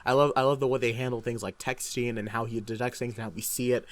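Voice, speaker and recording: A man's voice: mid-range voice, fairly even intonation, quick pace. A young man co-hosting a casual podcast, rambling eagerly and acting out his own reactions. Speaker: podcast co-host. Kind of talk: casual chat.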